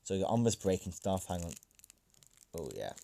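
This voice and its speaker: A man's voice: sits low, big pitch swings, moderate pace, creaky, mellow. A man improvising a fan-fiction story in a rambling way, correcting himself and chatting to listeners.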